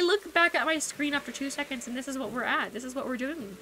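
Streaming a video game, a woman chats casually with viewers in a playful, teasing way. Her voice sits high and sounds fast, pushed and bright with lively intonation. Game music plays behind her, with slight background noise.

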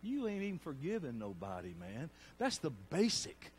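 High, lively preacher man. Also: moderate pace, slight background noise. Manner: storytelling with loud bursts and laughter. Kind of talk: sermon.

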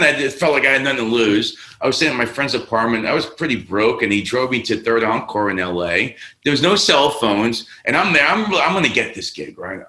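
A streetwise Bronx drummer, swearing freely and slipping into the voices of the people in his stories. His voice is bright and forceful. The room around him is roomy and echoing. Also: medium pitch. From New York, the Bronx. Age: 50s. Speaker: guest drummer. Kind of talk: casual storytelling interview.

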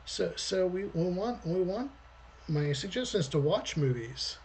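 Man, storyboard artist, livestream talk, rambling, fairly high voice, faint background hum. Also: expressive, unhurried, darkish tone. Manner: rambling, conversational.

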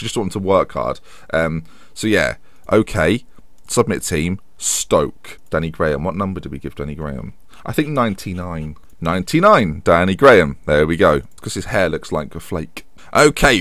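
A man commentates his football management game in a loose, chatty way, tossing in jokes and self-deprecating asides. His fairly low voice swings widely in pitch as he reacts. The sound is dry and close. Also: a bit bright, dry recording. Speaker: gaming YouTuber.

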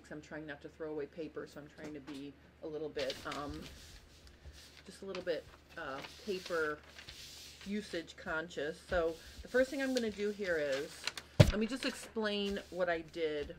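A tired, yawning woman with a lowish voice hosts a live sewing tutorial, with background noise audible. As the instructor, she's chatty and apologetic, greeting viewers by name while walking them through tracing a pattern.

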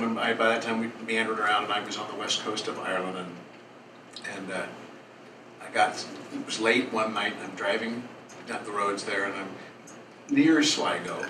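A male storyteller tells a personal tale in an earnest, rambling way, pausing and restarting as he goes. He is heard from a distance in an echoing café, with a steady hum of noise around him. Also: medium pitch. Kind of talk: live storytelling performance. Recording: roomy, distant, noisy live café.

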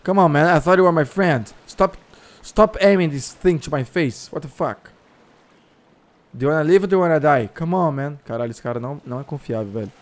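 A Brazilian man with a Brazilian Portuguese accent, excitedly chatting and shouting with other players during an online survival game. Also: a little high, quick pace. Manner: loud, excitable, shouts and laughs, switches between Portuguese and English. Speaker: gameplay streamer. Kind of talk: excited multiplayer game chat.

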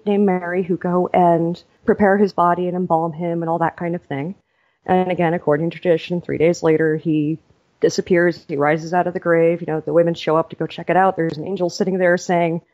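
A woman author, a podcast guest, telling a story in a lively, casual way. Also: lowish voice, dull audio.

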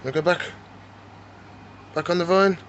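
A man hosting a casual vlog from his reptile shop, chatting and gently coaxing the animals. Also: sits high, fairly even intonation, normal speed, muffled recording, slight background noise. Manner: chatty, coaxes the animals in a soft, doting voice.

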